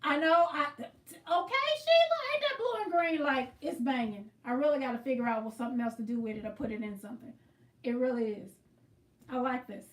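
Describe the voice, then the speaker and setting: A woman's voice: a little high, quick pace, roomy sound, distant mic. A woman hosting a casual livestream, chatting and greeting viewers by name as she explains her quilting. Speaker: livestream host.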